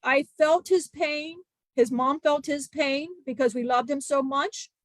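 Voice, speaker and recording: Woman channeling old disciple spirit guy, earnest and grieving, stops and restarts a lot, kinda high, dry sound. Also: steady tone, dry recording. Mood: solemn. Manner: halting, emotional storytelling with many restarts.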